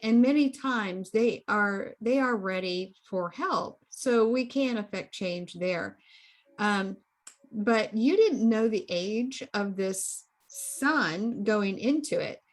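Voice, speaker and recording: Steady, explaining woman co-host. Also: medium pitch, slow pace. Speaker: hypnosis practitioner and co-host. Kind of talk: candid chat.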